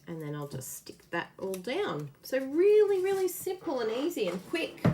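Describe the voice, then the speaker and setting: A woman hosting a casual card-making demo, chatty and quick to laugh as she works. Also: high voice, sing-song, heavy background noise. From Australia. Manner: chatty, laughs often, explains while working. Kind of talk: casual live craft demo.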